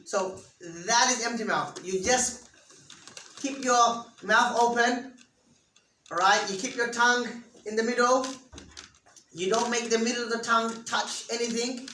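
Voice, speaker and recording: Slow-spoken woman teacher in an echoey room. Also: a little high, steady tone, pushed and bright. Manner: patient, explains step by step and has the class repeat. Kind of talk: interactive class lesson. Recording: echoey room, distant mic, faint noise.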